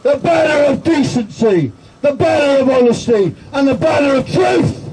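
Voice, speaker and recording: A man's voice: very high voice, animated, moderate pace. A man giving a rousing, defiant speech at an outdoor protest rally. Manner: shouting slogans, rousing and defiant. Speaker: protest speaker. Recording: crowd noise, distant outdoor mic. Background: crowd.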